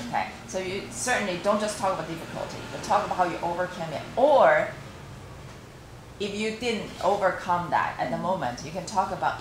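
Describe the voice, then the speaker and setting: A woman's voice: on the low side, a little fast, slight background noise. A woman teacher giving feedback to students after practice interviews, coaching with frequent "okay" and acting out example phrases. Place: classroom. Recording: echoey classroom, faint ambience.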